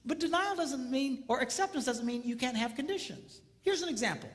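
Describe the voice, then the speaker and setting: An older man giving a seminar talk on marriage, animated and acting out voices as he tells stories. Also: extremely high pitch, a little fast, big-room sound. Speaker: speaker on marriage.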